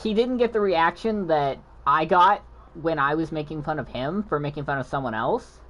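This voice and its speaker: A man's voice: on the high side, moderate pace, a bit bright. A man who stutters, telling a casual gaming story with frequent restarts, mumbles and backtracking. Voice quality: stutters, mumbles when explaining. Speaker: gaming channel host.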